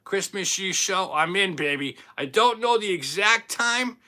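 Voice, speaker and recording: This Boston, Massachusetts man in his fifties hosts a casual livestream, cracking jokes and chatting through viewer comments in his local accent. He sounds high-pitched and sharp, animated but unhurried, and he likes to tease himself.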